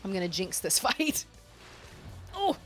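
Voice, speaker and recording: A woman's voice: medium pitch, sing-song, a little slow. A woman streaming a video game and chatting casually as she plays, often exclaiming and laughing. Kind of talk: casual let's-play commentary. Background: faint game music.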